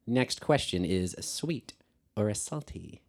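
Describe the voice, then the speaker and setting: A man's voice: lowish voice, lively intonation, measured pace, gravelly. A young man chatting on a home podcast, telling stories and acting out his own thoughts, sometimes dropping almost to a whisper. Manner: storytelling, acts out his own thoughts, drops to a near-whisper. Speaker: podcast co-host. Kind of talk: casual chat.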